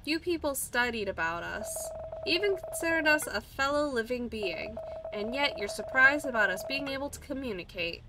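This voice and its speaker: Woman voicing a snarky talking plant, scornful, high slow voice, game dialogue read aloud, noisy recording. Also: lively intonation, recorded from a distance, close to an everyday voice. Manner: sarcastic, scornful. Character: sharp-tongued sarcastic talking plant.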